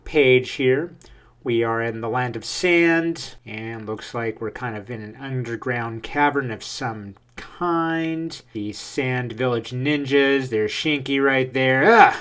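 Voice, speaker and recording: A man hosting a casual manga reaction, talking excitably with frequent fillers as he reads through pages. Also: medium pitch, takes it slowly, clear, resonant tone. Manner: excitable, hyped, lots of uh fillers.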